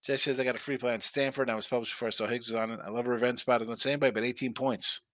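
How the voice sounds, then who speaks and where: Guy running a live betting stream, bright tense voice, dry close mic, chatty and loose. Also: mid-range voice, steady tone, very fast, dry recording. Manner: loose, chatty, banters with chat. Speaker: sports betting show host. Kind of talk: live-stream chat, reading viewer comments.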